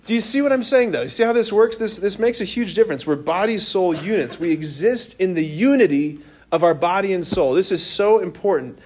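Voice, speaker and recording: A priest giving a lively, joking talk to teenagers in a room, often stopping to ask the audience questions. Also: male voice, high-pitched, a little fast. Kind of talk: interactive talk to teens. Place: room with a live youth audience.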